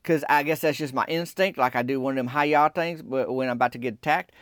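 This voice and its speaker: A man telling a rambling, deadpan comic story in a conversational way. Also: medium pitch, fast, no room sound, studio quality.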